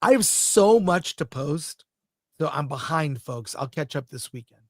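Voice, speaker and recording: A man's voice: on the high side, lively intonation, unhurried, no room sound, clean studio sound. A man co-hosting a casual film chat, talking in an enthusiastic, chatty way and describing what he sees on screen. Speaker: podcast co-host.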